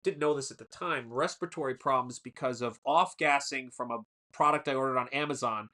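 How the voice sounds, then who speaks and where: A man's voice: mid-range voice, brisk, bright, forceful tone. A man hosting a casual livestream chat, telling long stories with frequent restarts and laughs. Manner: rambling storyteller, restarts and laughs. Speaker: livestream host.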